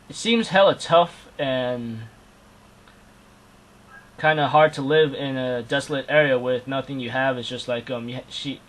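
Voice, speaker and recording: A man's voice: mid-range voice, fairly bright tone, poor audio. A man talking through an anime review in a loose, unscripted way. He rambles and restarts, with constant fillers and casual slang.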